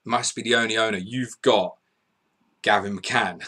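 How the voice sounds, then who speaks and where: A man hosting a live fantasy football stream, excitedly reading out scores and viewer messages, swearing and laughing as he goes. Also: fairly low pitch, unhurried. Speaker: podcast host.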